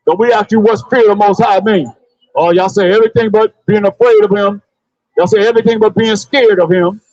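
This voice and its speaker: Guy street preaching loud on the sidewalk, high voice, dry lo-fi sound. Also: fairly even intonation, brisk, no echo. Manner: loud, preachy, calls on a reader and repeats the verses. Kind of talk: open-air street preaching. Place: outdoors on a busy city sidewalk.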